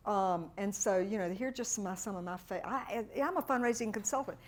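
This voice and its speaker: A middle-aged woman, a fundraising consultant giving a workshop talk and telling animated stories with quoted voices. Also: medium pitch, fairly quick.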